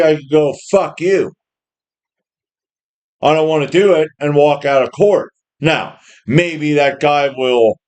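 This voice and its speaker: A man in his fifties giving a blunt, profane opinion monologue, often restarting his sentences and mocking others in put-on quotes. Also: a little high. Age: 50s. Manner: restarts and repeats words often. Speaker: home gym channel host.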